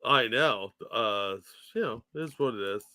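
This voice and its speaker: Brief: male co-host, bright, edgy tone, dry teasing side-remarks on a live stream. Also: medium pitch, lively intonation, measured pace. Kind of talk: casual live stream chat.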